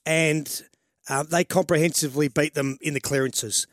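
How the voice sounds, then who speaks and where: A man's voice: a little high, fairly even intonation, moderate pace, a bit bright, dry recording, studio quality. A middle-aged Australian man on sports radio, explaining football tactics in a rambling way and restarting his sentences as he goes. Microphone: studio microphone.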